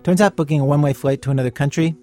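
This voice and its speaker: A man hosting a radio show, narrating a guest's story in a measured, wry way and asking her questions. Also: a little high, steady tone, mellow, faint music behind. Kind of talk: scripted radio narration and interviewing.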